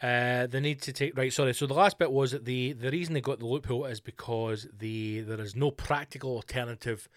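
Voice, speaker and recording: A man's voice: mid-range voice, steady tone, a little fast, few pauses, no room sound, studio quality. A man hosting a solo podcast, ranting with lots of swearing and sarcastic asides. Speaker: podcast host.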